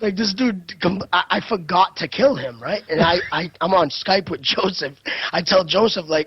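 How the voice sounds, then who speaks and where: A young man co-hosting a casual gaming podcast, telling stories excitedly with lots of swearing and filler words. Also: extremely high pitch, moderate pace, husky, dull audio. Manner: excitable storyteller, swears a lot, many fillers. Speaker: podcast co-host.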